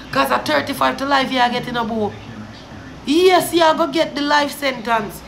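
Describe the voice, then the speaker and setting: A young woman with a Jamaican accent ranting in heated, cursing commentary, swinging from low sorrow to shouting. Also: vocal fry, reverberant, slight background noise. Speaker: vlogger.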